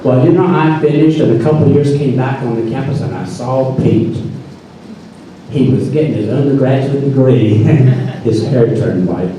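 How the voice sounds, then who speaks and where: A man's voice: mid-range voice, normal speed, mellow, a little hiss or hum. An older man telling a personal story on a live stage with dry, folksy humor. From North Carolina. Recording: echoey hall from far off.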